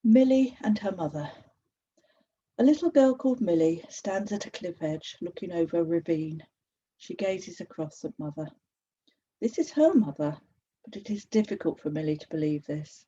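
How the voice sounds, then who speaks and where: A woman's voice: lowish voice, expressive, dark tone, slightly rough, lo-fi sound. Woman reading a storybook aloud. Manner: slow, measured reading. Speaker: author. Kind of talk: reading a picture book aloud.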